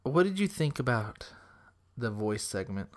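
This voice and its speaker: A man's voice: mid-range voice, very animated, unhurried. A young man with a Houston accent, co-hosting a podcast, rambling with lots of fillers, teasing and swearing. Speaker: podcast co-host. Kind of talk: casual chat.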